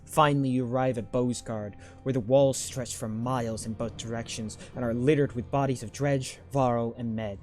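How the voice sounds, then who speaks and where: A man's voice: mid-range voice, fairly even intonation, normal speed, hardly any pauses, darkish tone, soft background music. Man casually reading game text aloud. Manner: casual, stumbles over words. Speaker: let's play host.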